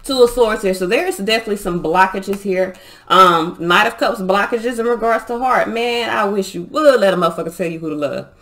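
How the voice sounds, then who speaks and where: A woman's voice: medium pitch, a little fast, a bit bright. A woman reads tarot cards for her viewers in a loose, casual way. She talks bluntly, swears freely and gets emphatic when she makes a point. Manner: blunt, profane, fired-up and emphatic. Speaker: tarot reader.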